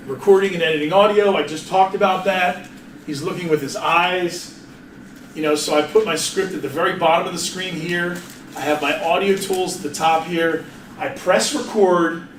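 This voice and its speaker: A man's voice: high voice, a little hiss or hum. A man giving a live workshop presentation in an office meeting room, chatty and jokey, often restarting his sentences and laughing. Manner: casual, chatty, self-interrupting with frequent restarts. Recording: roomy, distant mic, faint ambience.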